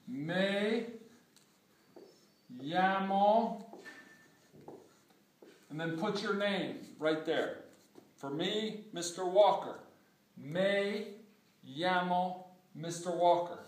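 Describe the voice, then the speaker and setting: A high-voiced man gives a Spanish lesson, speaking slowly and with emphasis. He repeats each phrase for drilling. The voice sounds far off in a very echoey room. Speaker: Spanish teacher. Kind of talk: spoken language lesson.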